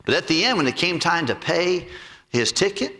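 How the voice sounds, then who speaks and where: A man preaching with lively, swinging pitch and a bright, forceful tone. He tells stories and acts out the voices of the people in them. His voice carries a long reverb, as in a big church hall. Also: moderate pace. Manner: animated storytelling, acts out voices and jokes. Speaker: pastor. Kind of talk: sermon.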